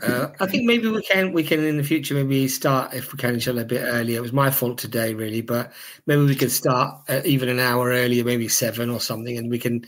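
A man's voice: medium pitch, brisk, a bit bright. A man co-hosting a live stream, closing it in a courteous, apologetic way, often adding short Arabic blessings. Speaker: stream co-host.

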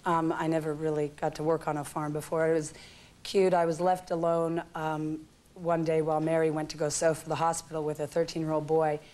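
A woman's voice: low-pitched, flat delivery, a little fast, darkish tone. A woman in her forties from California, a guest actress telling stories on a talk show and laughing often. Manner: chatty storyteller, laughing often. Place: TV studio.

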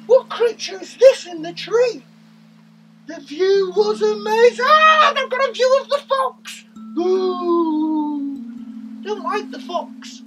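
A man voicing an excitable young male rabbit puppet who loves carrots and fears foxes, reading a children's story with sound effects and cheers. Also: distant mic, poor audio. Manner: squeaky, bouncy, full of sound effects and cheers.

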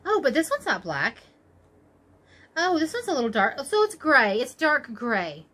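A woman chatting casually as she unboxes yarn, gushing and exclaiming, her voice jumping high when she gets excited. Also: moderate pace. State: tired after work. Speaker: crochet vlogger.

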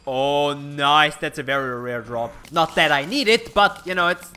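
Excitable high-voiced gaming guy. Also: unhurried. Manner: excitable, swears at the game. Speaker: gaming YouTuber. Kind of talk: gameplay commentary.

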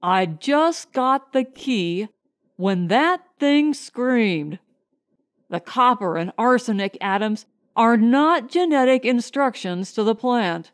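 A woman's voice: fairly high pitch, expressive, takes it slowly. A woman narrator voicing a grim, tense male starship scientist in a clipped way.

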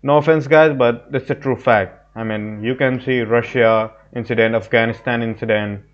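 A man's voice: mid-range voice, fairly even intonation, normal speed. Reaction vid host guy, casual and opinionated, mid voice, kinda dull lo-fi sound. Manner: chatty, opinionated, informal.

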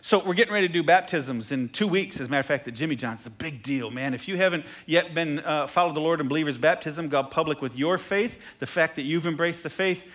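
A male pastor preaching a sermon, an animated storyteller who pokes fun at himself and keeps asking the room "right?". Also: fairly high pitch, fast, few pauses. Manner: animated storyteller with self-deprecating asides, tags lines with "right?".

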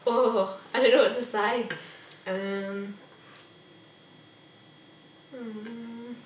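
A woman's voice: a little high, steady tone, very slow. A young woman vlogger chatting casually and giggling often. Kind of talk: casual chat. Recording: echoey room, mic far off, faint noise.

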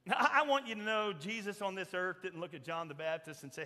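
Male pastor, very high bright voice, emphatic sermon delivery, church hall echo. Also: fast. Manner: emphatic preaching, swings from loud shouts to soft quoted asides. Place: church sanctuary. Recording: long church reverb.

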